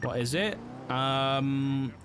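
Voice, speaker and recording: A man's voice: mid-range voice, lively intonation, drawn-out words, fairly bright tone, a little hiss or hum. A man streaming a police roleplay game, chatting casually with lots of fillers and swearing. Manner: rambling, swears freely, many fillers. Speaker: streamer playing a police officer.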